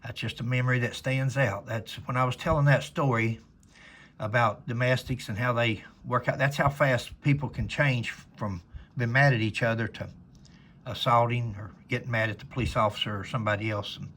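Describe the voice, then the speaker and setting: A man's voice: mid-range voice, fairly even intonation, moderate pace, a bit bright. A man, a former police officer, telling a rambling, folksy story in casual conversation to camera.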